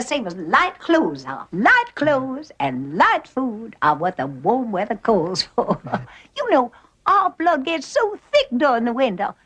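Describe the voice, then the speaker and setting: A woman's voice: high voice, a bit bright. An actress playing a faded, chattering Southern belle mother, middle-aged, with a Southern accent and a gushing, theatrical way of talking. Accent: American Southern. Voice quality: gushing, theatrical, breathy laughs. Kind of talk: stage drama acting.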